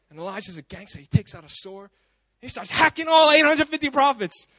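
A man preaching a sermon at a church service, retelling stories in a casual, animated way with frequent conversational asides. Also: very high-pitched, a little fast. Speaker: pastor.

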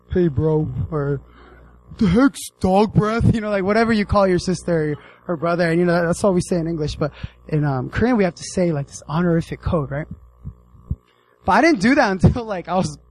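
A young American man giving a casual, animated sermon, acting out the characters in his story. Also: fairly high pitch, low-quality recording. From United States. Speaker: preacher.

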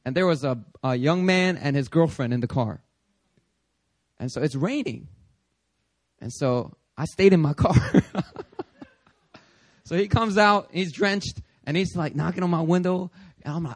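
Guy preaching, animated storytelling, fairly high voice, dry close sound. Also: measured pace, long pauses, no room sound. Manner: animated storytelling, acts out his own prayers. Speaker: pastor. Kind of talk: sermon.

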